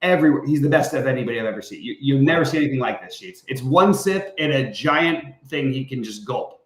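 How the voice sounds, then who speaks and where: A man's voice: mid-range voice, lively intonation, fast. Man talking in an echoey room. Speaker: podcast co-host. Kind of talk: casual chat.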